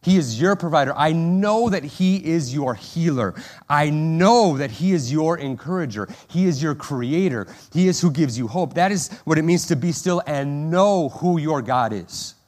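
Man preaching in a conversational way. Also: unhurried. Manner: conversational preaching with frequent "right?" asides and restarts; animated, acts out prayers and quotes in a higher, louder voice. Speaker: pastor. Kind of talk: sermon.

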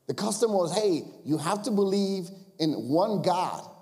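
A male pastor preaching in a lively, conversational way, voice pitched a little high. He peppers the talk with rhetorical questions. His voice carries a long reverb from a church sanctuary. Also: a little slow. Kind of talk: sermon.

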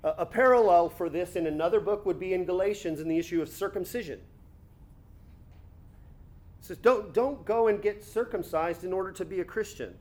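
A man preaching a conversational sermon, teaching with rhetorical asides and quick self-corrections. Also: sits high, darkish tone. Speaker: pastor.

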